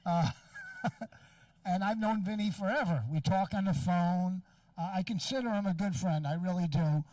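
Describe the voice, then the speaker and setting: A woman giving a halting stage introduction outdoors, pausing often with filler sounds. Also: fairly low pitch, warm tone, no echo, recorded from a distance, rough recording. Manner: halting, many uh pauses. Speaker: introducing the headliner. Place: outdoor parking lot show.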